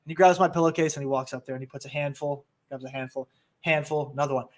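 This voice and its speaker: A young man with a high voice tells a story on a podcast in an easygoing, animated way. He slips into the voices of the people he quotes as he goes. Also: fast talker. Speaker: podcast co-host. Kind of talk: casual storytelling chat.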